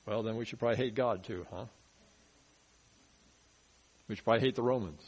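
Guy preaching a sermon, chatty bible teaching, goes low and quiet to make a point. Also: brisk, breathy edge, low-quality recording. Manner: conversational teaching, drops his voice low for emphasis. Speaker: pastor. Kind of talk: expository sermon.

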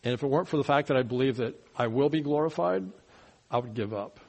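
Preaching verse by verse, a pastor with a gravelly, mid-range voice speaks quickly. He alternates teaching and questioning the congregation with mocking grumblers, his voice rising and getting louder.

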